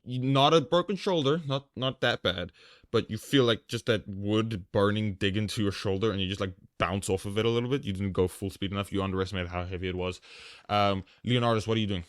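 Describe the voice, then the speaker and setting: A man with a low, smooth voice narrates a tabletop game as game master. He is animated and chatty and fills gaps with "um" and "like." The sound is dry and close, with faint music behind. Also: a little fast, no echo. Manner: animated, chatty, many fillers.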